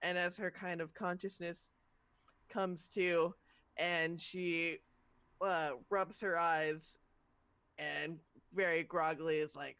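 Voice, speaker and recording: A player in a tabletop role-playing game, talking in a rambling, halting way. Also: medium pitch, flat delivery, pushed and bright, clean tone, no room sound. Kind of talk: casual tabletop game play.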